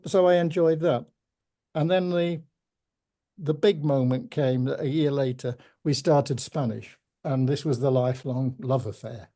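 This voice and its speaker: An older man with a Yorkshire accent, telling stories in a measured, reflective way with gentle humour during an interview. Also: a little high. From Yorkshire, England. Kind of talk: reminiscing conversation.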